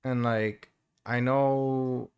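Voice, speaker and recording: A man's voice: mid-range voice, little pitch movement, extremely slow, smooth. A man co-hosting a podcast in casual chat, laid-back, swearing freely and laughing often. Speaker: podcast co-host.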